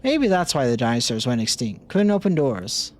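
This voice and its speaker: A man's voice: medium pitch, sing-song, moderate pace, a little hiss or hum. A man streaming a game, reading its story text aloud as narration.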